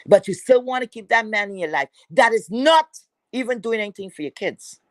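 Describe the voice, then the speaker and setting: A woman's voice: on the high side, lively intonation, brisk, dry recording. A woman from Philadelphia hosting a livestream, ranting and taunting a rival with heavy profanity. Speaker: livestream host.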